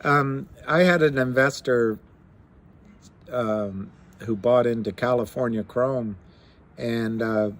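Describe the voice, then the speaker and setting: Slow rambling man on a live stream. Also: mid-range voice. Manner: rambling, many fillers and restarts, reads numbers aloud. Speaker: livestream host talking stocks. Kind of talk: casual live-stream chat.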